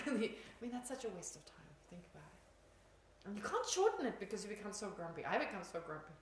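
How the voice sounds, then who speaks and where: A woman's voice: medium pitch, sing-song, brisk, slight background noise. A woman teaching Buddhism in an informal dharma talk, chatty, laughing often and poking fun at herself. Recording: echoey room, faint ambience.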